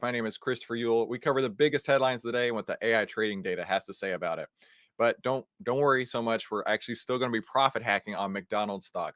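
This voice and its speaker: A man, hosting an energetic news commentary show, talking in an animated, incredulous, conversational way. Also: lowish voice, no echo, studio quality. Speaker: host.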